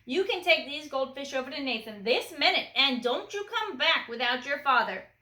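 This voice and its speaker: A woman voicing a stern mother in a storybook read-aloud, speaking in a calm, clipped way. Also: high-pitched, moderate pace, echoey room. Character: stern mother of two young children.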